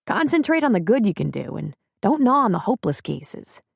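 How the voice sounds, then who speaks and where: A woman voicing a calm, plainspoken small-town man in an audiobook reading, with steady, reassuring delivery. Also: mid-range voice, brisk, gravelly, slightly rough, dry recording, studio quality, voice pushed up, heavily acted.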